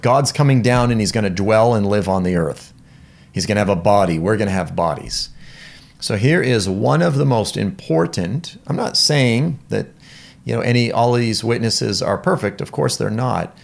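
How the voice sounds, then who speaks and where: A middle-aged man teaching a Bible lesson, his low voice carrying a gravelly rasp. He explains each point with earnest emphasis and leans into the quotes he reads aloud, in the steady manner of a classroom lecture. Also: normal speed. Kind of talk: lecture on church history.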